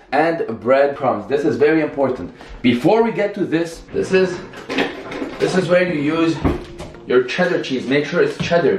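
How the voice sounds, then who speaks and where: Upbeat young man in an echoey kitchen. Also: a little high. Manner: upbeat, chatty, talks while working. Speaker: cooking vlogger. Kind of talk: casual cooking tutorial. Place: home kitchen. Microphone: camera held by another person. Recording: echoey room with music behind. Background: background music.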